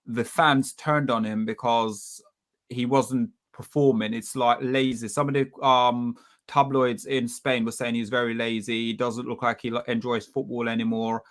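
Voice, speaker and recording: A man's voice: mid-range voice, flat delivery, moderate pace. A man on a live fan show, chatting casually and hesitantly with many fillers as he leads the next topic. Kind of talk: casual live-stream chat.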